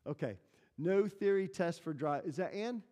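Chatty pastor in a reverberant hall. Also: male voice, high-pitched, warm tone. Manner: chatty, storytelling, asks the room questions. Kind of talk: conversational sermon with congregation questions. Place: church hall.

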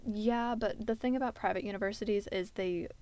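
A teenage girl from the United States co-hosts a laid-back podcast and talks through her points at length. Her voice sits at a middle pitch with a gravelly fry. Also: brisk, a little mellow. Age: late teens. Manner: chatty, explains at length. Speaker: podcast co-host. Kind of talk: casual chat.

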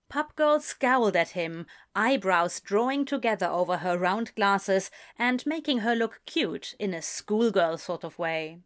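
A woman narrating a story in a calm, measured storytelling voice. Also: mid-range voice. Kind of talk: audiobook-style story narration.

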